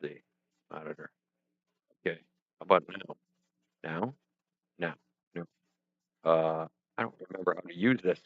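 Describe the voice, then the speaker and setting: With a low voice at normal speed and long pauses, this man runs a laid-back livestream from a home studio. He chats and jokes with viewers, talks to himself as he tweaks settings, and runs himself down in a rambling way. The stream audio, through a headset or desk mic with headphones, is dull and muffled with a little hiss or hum.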